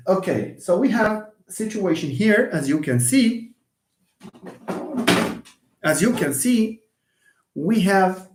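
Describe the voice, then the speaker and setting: A teacher giving a live online English lecture. They speak patiently and chattily, laugh easily, answer students by name, and draw words out slowly to count syllables. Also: mid-range voice, expressive, a little mellow, roomy sound, slight background noise.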